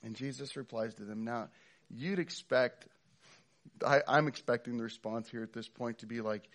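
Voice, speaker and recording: A man's voice: mid-range voice, moderate pace, fairly bright tone. A middle-aged man preaching a sermon in a conversational way, with frequent fillers and restarts. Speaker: pastor.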